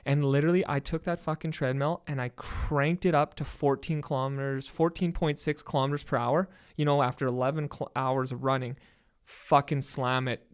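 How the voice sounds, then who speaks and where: A young Canadian man, a podcast guest, telling a story in an excited, casual way with a lot of swearing. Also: medium pitch, smooth.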